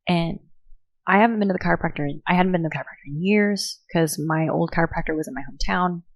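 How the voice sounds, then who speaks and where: Chatty woman, low voice. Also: fast, no room sound, muffled recording. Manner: chatty storyteller, many "like" fillers. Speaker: podcast co-host. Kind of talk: casual chat.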